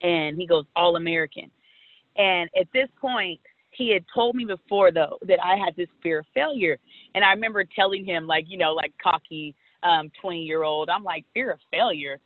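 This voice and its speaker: Brief: thirties woman from California, lively storyteller, sound like a thin phone call, close and dry. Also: lowish voice, normal speed, no echo. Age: 30s. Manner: animated, acts out past conversations. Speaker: guest, former softball player. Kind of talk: storytelling interview.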